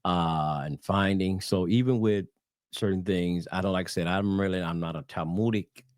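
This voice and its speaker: Southern man, very low voice, rambling casual teaching, dry close mic. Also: steady tone, moderate pace, no echo. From Southern United States. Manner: rambling, addresses viewers as y'all, many fillers and restarts. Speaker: religious channel host.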